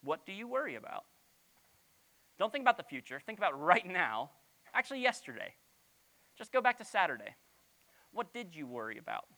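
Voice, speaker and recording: A middle-aged pastor delivers a sermon in a bright, crisp voice. The pitch swoops widely as they move between playful acted-out asides and hushed, low emphasis, with many rhetorical questions. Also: sing-song, fairly quick, pauses often. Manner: drops to a soft, low voice on key lines.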